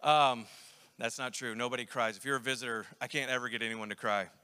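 A man's voice: medium pitch, steady tone, fairly quick, pushed and bright, clear, resonant tone. A young man, preaching a sermon in a conversational, self-deprecating way with rambling asides. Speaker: pastor. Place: church sanctuary. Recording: long reverb of a church hall.

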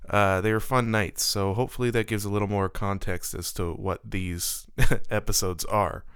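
Man, podcast host, low-ish and very clean voice, relaxed intro read. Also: normal speed, smooth, no room sound, studio quality. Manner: casual, easygoing, with small laughs. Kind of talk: scripted voice-over intro.

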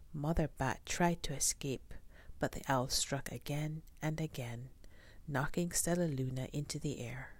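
A woman whispering a children's storybook aloud in a soft, gentle voice, as whispered role-play. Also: very deep voice.

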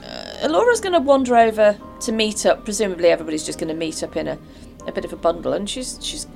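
A woman playing a tabletop game, casually narrating her character's moves at a middle pitch. Music plays faintly in the background. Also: wildly swooping pitch, quick pace, vocal fry, darkish tone. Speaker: player.

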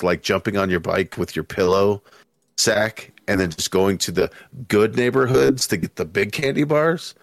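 A man's voice: sits low, dry recording. A man talking as a guest on a casual podcast, rambling loosely and swearing freely into a podcast microphone. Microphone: podcast microphone with headphones.

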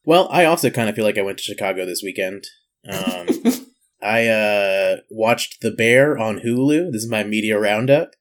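A man's voice: fairly low pitch, lively intonation, normal speed. A man co-hosting a podcast, joking and laughing in casual chat. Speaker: podcast co-host.

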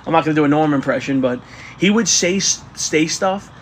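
A man co-hosting a podcast in casual chat, swearing freely and telling stories in an animated way. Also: a little high, brisk. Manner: profane, animated storytelling. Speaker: podcast co-host.

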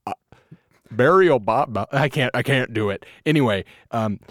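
A man's voice: medium pitch, brisk, a bit bright, no echo, clean studio sound, lightly acted. A man voicing a tipsy former politician who phones in to ramble through a conspiracy theory. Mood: ranting. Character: tipsy male caller, a gruff former politician. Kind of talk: comedic phone-in impression.

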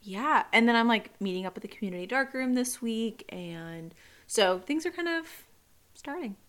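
A woman's voice: on the high side, lively intonation, normal speed, fairly bright tone. A woman from Phoenix co-hosting a podcast, telling rambling stories with many fillers. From Phoenix, Arizona. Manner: rambling, filler-heavy, laughs easily. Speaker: podcast co-host. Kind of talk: casual podcast storytelling.

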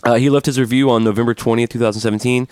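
A man's voice: mid-range voice, no echo. A man co-hosting a podcast in casual chat, stretching out words like an announcer when he draws prize winners. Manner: animated, drawn-out announcer delivery for prize draws. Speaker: podcast co-host.

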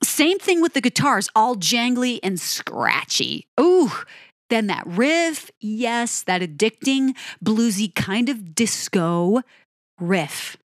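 A woman's voice: fairly high pitch, takes it slowly, no room sound, clean studio sound. Gushing woman breaking down a rock song. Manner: gushing, animated, addresses viewers directly. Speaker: music reviewer.

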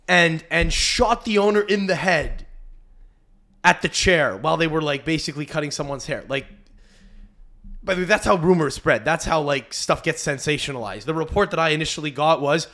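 A man's voice: fairly high pitch, normal speed, sharp tone. A man from Canada, hosting a podcast as a comedian and riffing animatedly with frequent restarts. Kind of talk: casual podcast monologue.

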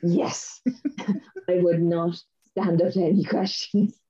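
A woman's voice: fairly low pitch, flat delivery, slow pace, warm tone. A woman co-hosting a podcast, telling a story in an enthusiastic, rambling way with lots of fillers. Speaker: podcast co-host. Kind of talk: casual chat. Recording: dull lo-fi sound.

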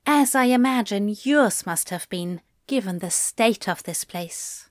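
A woman's voice: mid-range voice, lively intonation, measured pace, no room sound, studio quality, lightly acted. A woman reading the lines of a polite, fussy male host in a courteous, prim manner.

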